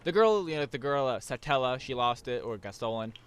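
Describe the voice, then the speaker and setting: A man's voice: medium pitch, expressive, brisk, slight background noise. A young man hosting a casual chat, rambling through a recap with many restarts and fillers. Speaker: podcast host.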